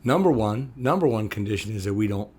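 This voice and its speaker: A man's voice: brisk, husky. A man co-hosting a podcast who speaks with passion and addresses the listeners directly with questions. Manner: impassioned, addresses listeners directly, rises in pitch when animated. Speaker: podcast co-host. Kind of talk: podcast conversation.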